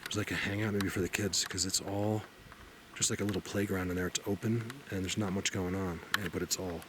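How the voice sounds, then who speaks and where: A man filming himself outdoors on a trail, talking to the camera in an excitable, chatty way and now and then dropping to a hush. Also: brisk, background noise. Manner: excitable, talks to animals in a high baby voice, drops to hushed tones. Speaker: outdoor vlogger. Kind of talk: casual walking vlog.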